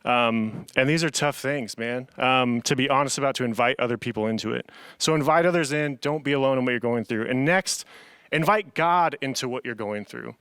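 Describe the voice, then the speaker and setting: A man's voice: medium pitch, a little fast, fairly bright tone, smooth, no room sound. A young man preaching a casual, earnest youth sermon, often saying "man" to his listeners. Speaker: youth pastor.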